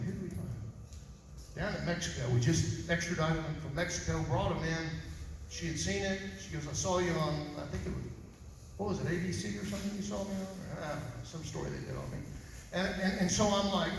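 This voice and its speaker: Folksy investigator, echoing hall. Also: male voice, high-pitched, brisk. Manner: folksy storytelling, acts out phone calls. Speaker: private investigator. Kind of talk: press conference talk. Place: large echoey hall. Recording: echoey hall from far off with noise.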